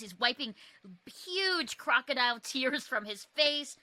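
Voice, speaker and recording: Bright, lively woman host. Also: fairly high pitch, moderate pace, no room sound. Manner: lively storyteller, laughs easily. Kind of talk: casual chat.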